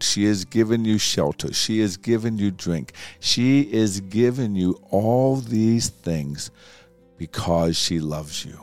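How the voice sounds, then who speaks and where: A man preaching a sermon, telling a story slowly and deliberately with pauses. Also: deep voice, darkish tone.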